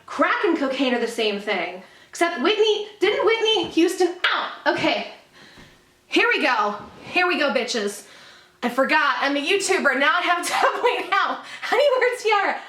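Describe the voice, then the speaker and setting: Woman YouTuber, high bright voice, sweary, giggly, rambling commentary; echoey home room. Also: very animated, unhurried. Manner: rambling, profane, laughing and sarcastic. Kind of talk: casual commentary vlog.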